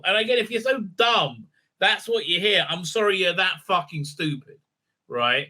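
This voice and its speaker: A man hosting a scathing review of a TV episode, talking in a bright, sharp voice pitched a little high. His delivery is sarcastic and profane, peppered with "uh, uh" fillers, and his pitch swings up for mocking asides. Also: animated, a little slow. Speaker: show host reviewing a TV episode. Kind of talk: ranting recap and review.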